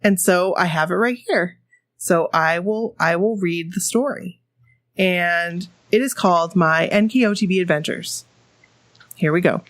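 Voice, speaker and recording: A woman's voice: fairly low pitch, unhurried, dry recording. A woman guest-hosting a casual podcast chat, emphatic and fond of repeating phrases. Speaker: guest host.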